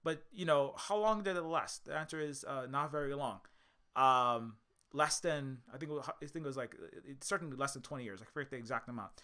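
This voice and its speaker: A man's voice: mid-range voice, a little fast, pushed and bright. A man giving a rambling commentary monologue, firing off sarcastic rhetorical questions and often restarting his sentences. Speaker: video essayist.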